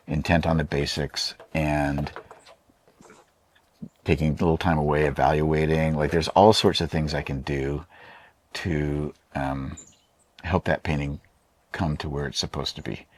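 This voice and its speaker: A man's voice: extremely low pitch, steady tone, a little slow, slight background noise. A man, an artist being interviewed, talking casually in a rambling, hesitant way with many fillers and restarts. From Oregon, USA. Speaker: artist and painter.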